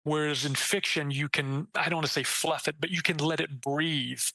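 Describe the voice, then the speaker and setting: A man, a debut author, chatting casually in an interview, animated and acting out quoted lines, swearing casually and restarting sentences. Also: normal speed, no echo, rough recording. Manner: animated, acts out quoted lines with jumps in pitch.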